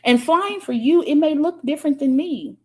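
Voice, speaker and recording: A woman's voice: high-pitched, normal speed. A woman coaching spiritually on a livestream, answering comments in a fiery, profane, preachy way.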